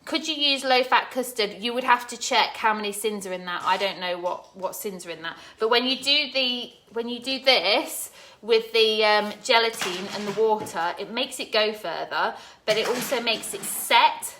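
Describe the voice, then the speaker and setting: A woman's voice: fairly high pitch, moderate pace, hardly any pauses, bright, forceful tone, slight background noise. A woman hosting a live cooking stream from her home kitchen, talking casually and greeting viewers by name. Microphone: phone camera propped on the counter.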